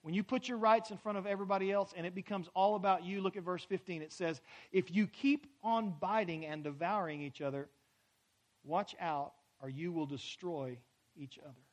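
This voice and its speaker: A man preaching a sermon as a pastor, building emphatically to loud climaxes and having the congregation repeat phrases. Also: high voice, normal speed. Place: church sanctuary.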